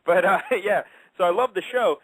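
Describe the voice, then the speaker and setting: A man's voice: high-pitched, normal speed, a bit bright, no room sound, poor audio. A man hosting a radio show, interviewing a guest in a chatty, joking way.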